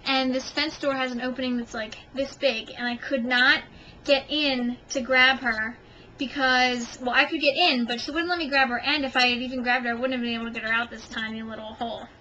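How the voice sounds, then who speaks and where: A young woman tells a long story to her camera at home, animated and self-mocking. Her voice is high and bright. The recording is dull and lo-fi, with a faint hiss behind her. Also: brisk. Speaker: vlogger.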